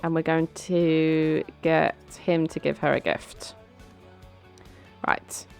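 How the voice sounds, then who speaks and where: A woman's voice: sits low, level tone, slow, vocal fry, darkish tone. A young woman chatting through a life-sim game, bossing her characters around and giggling. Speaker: let's play host. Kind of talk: casual gameplay commentary. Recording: faint background music.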